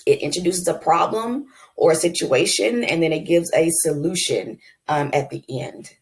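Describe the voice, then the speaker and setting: A woman's voice: sits low, normal speed. A woman teaching a class, talking casually with frequent ums. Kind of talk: classroom lecture.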